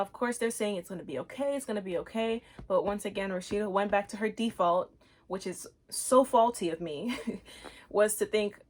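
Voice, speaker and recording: A young adult woman with a mid-range voice shares a personal testimony as host of her own show. She speaks in a casual, slangy way. When she quotes her past self, her voice jumps up and becomes more animated. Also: normal speed. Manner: acts out her own quoted words with lively pitch jumps; casual slang, relaxed everyday phrasing.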